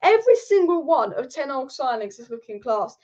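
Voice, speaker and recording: High-voiced woman hosting football chat. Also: brisk, lo-fi sound. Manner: animated, reads out viewer comments, swears casually. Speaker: football channel host. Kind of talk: live-stream football chat.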